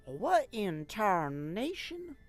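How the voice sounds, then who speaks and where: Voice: mid-range voice, huge pitch swings, drawn-out words, soft background music, voice pushed up, full character voice. Streamer doing a folksy country gal. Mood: delighted. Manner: warm folksy drawl, exclamations. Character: cheerful folksy country lady, young woman. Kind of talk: streamer voicing game dialogue.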